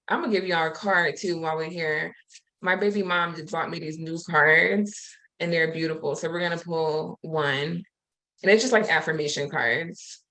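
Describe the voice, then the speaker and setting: A woman presenting over a video call who leads a slow, soothing breathing exercise and reads affirmations aloud. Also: lowish voice, low-quality recording. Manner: soothing, slow guided meditation cues, warm affirmations. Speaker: summit presenter.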